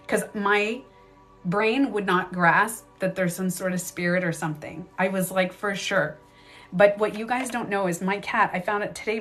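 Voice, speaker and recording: A woman's voice: on the high side, a bit bright. A woman casually telling a story on a livestream from a bedroom at home. She uses many fillers and acts out reactions as she talks. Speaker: live streamer and beauty coach.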